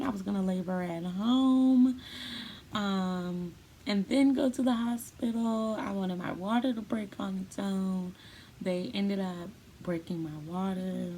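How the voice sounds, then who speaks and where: A woman's voice: on the low side, mellow, slight background noise. A young woman vlogging casually to her viewers, chatty and full of "like" fillers, acting out the dialogue she quotes. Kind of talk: casual personal storytelling to camera.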